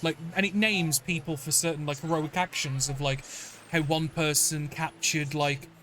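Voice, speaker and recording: A man running a tabletop game as dungeon master, his voice slightly higher than most men's. He rambles, restarts and fills with ums and likes. Faint noise sits under the recording. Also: steady tone, normal speed, bright, forceful tone. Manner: rambling, many fillers and restarts.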